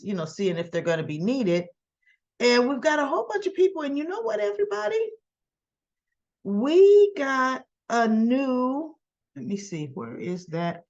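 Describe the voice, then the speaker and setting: A woman's voice: medium pitch, lo-fi sound. A woman hosting a soap opera recap channel, chattily retelling an episode and acting out the characters' lines. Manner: chatty, acts out lines with tag questions.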